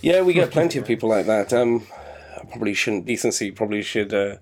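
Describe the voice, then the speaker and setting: A man's voice: fairly low pitch, animated, fast talker, a little hiss or hum. A man, an emergency doctor in casual chat, with a dry, wry manner.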